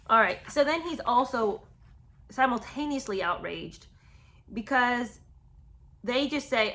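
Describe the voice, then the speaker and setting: A woman's voice: a little high, animated, takes it slowly, pauses often, fairly bright tone. A woman giving casual, sarcastic commentary on a book, chatting with lots of ums and restarts. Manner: sarcastic, chatty, many fillers.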